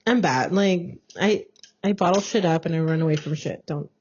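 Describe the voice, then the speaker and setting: A woman's voice: sits low, normal speed, darkish tone. A woman co-hosting a casual podcast chat, blunt and joking, cursing offhandedly. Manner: blunt, wisecracking, curses casually. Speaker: podcast co-host. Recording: dull lo-fi sound with faint noise.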